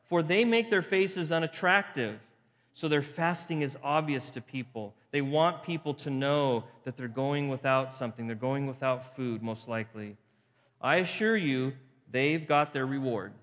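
With long hall reverb on the recording, a pastor gives a conversational sermon at normal speed, his medium-pitched voice a bit bright. He repeats phrases for emphasis and asks the congregation rhetorical questions.

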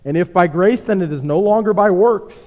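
A man's voice: high-pitched, fairly quick. A man preaching a sermon, dramatically acting out quotes and asking the congregation rhetorical questions. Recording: muffled sound with long hall reverb.

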